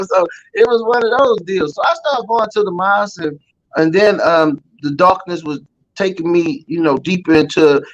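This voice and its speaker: A man's voice: on the high side, fairly bright tone, highs cut off. A man with a New Orleans accent, a guest telling his life story as an emotional personal testimony, acting out the voices of the people in it. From Louisiana. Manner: storytelling, acting out quoted voices, frequent "man" and "you know".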